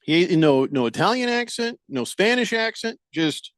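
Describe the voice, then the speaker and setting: Hosting a laid-back sports radio show, this man rambles, jokes, stammers and restarts, and performs quoted voices for laughs. His voice sits high and is a bit bright, swinging widely in pitch at a normal speed. There's no room sound.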